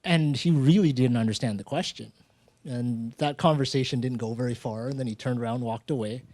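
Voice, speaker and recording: A man hosting a live storytelling event on stage, talking in a relaxed, conversational way and acting out little exchanges from his own stories. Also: medium pitch, a little fast, no room sound. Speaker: host of a live storytelling show.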